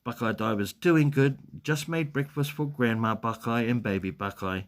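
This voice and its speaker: A man's voice: medium pitch, moderate pace. A man from New Zealand with a New Zealand accent, hosting a casual live stream, reading out viewer comments in a rambling way with many fillers and restarts.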